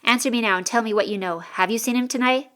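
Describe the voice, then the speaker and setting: A woman's voice: on the high side, fast talker, a bit bright, lightly acted. A woman voicing a sarcastic male soldier captain. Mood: mocking. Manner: sarcastic, commanding. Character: gruff adult male soldier captain, mocking, bossy.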